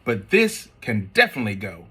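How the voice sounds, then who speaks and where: A man's voice: on the low side, wildly swooping pitch, brisk, fairly bright tone, breathy edge, pitched below the performer's own voice, exaggerated voice. A man voicing an exasperated mother who wants to give away her son's toys. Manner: firm, weary.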